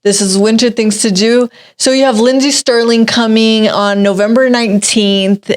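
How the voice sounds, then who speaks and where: A young woman from Texas hosting a casual entertainment chat, bubbly and quick to laugh. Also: fairly high pitch, fairly even intonation. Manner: giggly, bubbly, laughs often. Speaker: entertainment segment host. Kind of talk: casual web show chat.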